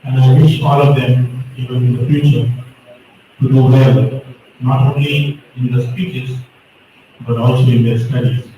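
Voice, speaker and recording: Slow man judging a speech contest. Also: medium pitch, level tone, highs cut off, slight background noise. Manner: slow, explains pronunciation rules. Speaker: competition judge. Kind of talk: speech to students. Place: school hall. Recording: echoey hall, from far off.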